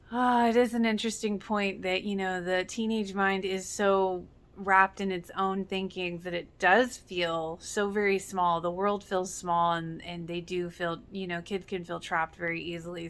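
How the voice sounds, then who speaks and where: A woman's voice: lowish voice, level tone, moderate pace, hardly any pauses, a bit bright. A woman giving casual reaction commentary, earnest and emotional, with many fillers. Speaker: reaction video host.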